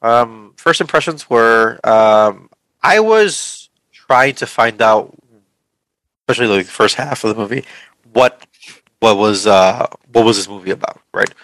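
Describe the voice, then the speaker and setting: A man's voice: fairly low pitch, animated, measured pace, a bit bright, no echo, low-quality recording. A man co-hosting a movie podcast, talking in a casual, hesitant way with lots of fillers and restarts. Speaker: podcast co-host. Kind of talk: casual movie review chat.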